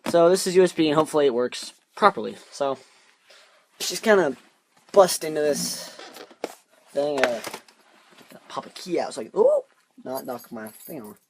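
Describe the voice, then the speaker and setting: A man's voice: fairly high pitch, lively intonation, normal speed, pauses often, slight background noise. A man chatting casually while unboxing off camera, rambling and muttering to himself as he fumbles, recorded by a camera on a tripod. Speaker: unboxing vlogger.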